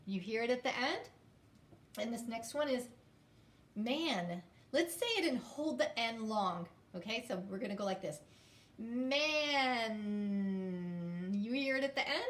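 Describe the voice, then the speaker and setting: A woman teaching a phonics lesson to young children, sounding words out slowly and inviting them to repeat after her. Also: a little high, echoey room, recorded from a distance. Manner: slow, drawn-out sounding out of words.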